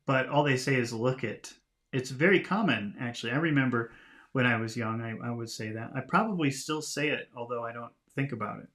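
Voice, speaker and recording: A man teaching English vocabulary by reading a storybook aloud, talking in a relaxed, chatty way and laughing at himself. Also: mid-range voice, a little fast. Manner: relaxed, chatty, laughs at himself, lively voices for quoted lines.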